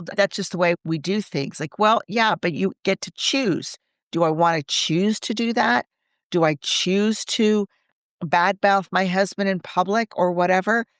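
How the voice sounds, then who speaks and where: An earnest woman coaching in a relaxed podcast chat, thinking out loud through lists and questions. Her voice is smooth and resonant, recorded close and dry with no room sound. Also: mid-range voice, no room sound. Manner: earnest, reflective, speaks in lists and rhetorical questions. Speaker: Catholic coach and podcast co-host.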